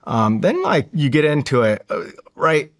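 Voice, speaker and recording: A man's voice: fairly high pitch, sing-song, unhurried. A man telling stories as a podcast guest, upbeat and enthusiastic, rambling with lots of filler words and restarts. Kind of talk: casual interview storytelling.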